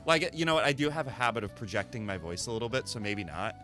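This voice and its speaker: Speaking at a quick clip, a male live streamer rambles animatedly in a bright voice with big pitch swings, sprinkling in light swearing and self-deprecating jokes. The casual chat is captured at home on a desk mic through a mixer, over faint background music.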